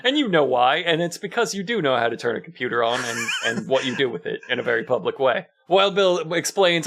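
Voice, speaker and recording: A man's voice: mid-range voice, sing-song, brisk, creaky, hardly any pauses, a bit bright. A man co-hosting a podcast in casual chat, wry and amused, often breaking into laughter as he recaps a show. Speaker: podcast co-host.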